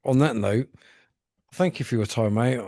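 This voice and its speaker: A man hosting a casual interview, easygoing, with brief interjections and relaxed questions. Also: medium pitch, normal speed, no room sound, studio quality. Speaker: host. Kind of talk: casual chat.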